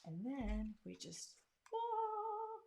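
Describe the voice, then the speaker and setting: Craft channel host, woman, lowish voice, chatty and self-deprecating, casual tutorial. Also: moderate pace. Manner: chatty and self-deprecating, talks while working.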